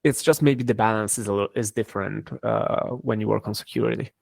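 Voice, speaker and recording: A man's voice: lowish voice, steady tone, brisk, creaky, a little mellow, no echo. Dry-sounding man, thoughtful and hesitant. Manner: thoughtful, hesitant with many fillers and restarts. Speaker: cryptography engineer and guest. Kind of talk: conversational interview answers.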